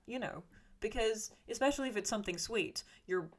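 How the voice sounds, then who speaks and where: A woman's voice: medium pitch, animated, fairly quick, a little hiss or hum. A woman streaming live in casual chat. She reads viewer comments aloud and rambles in answer, with many fillers and restarts. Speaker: YouTuber reading live chat.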